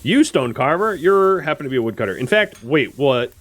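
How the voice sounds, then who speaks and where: A man with a slightly high voice does casual let's-play commentary at a fairly quick clip. He talks straight to the on-screen characters, swinging between excitable outbursts and quiet muttered asides.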